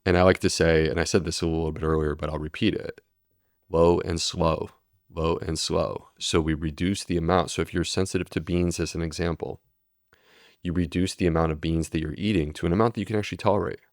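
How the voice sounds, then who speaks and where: A man's voice: low voice, steady tone, quick pace, no room sound, studio quality. A man, a medical doctor, explaining steadily and earnestly in a podcast interview. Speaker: gastroenterologist guest.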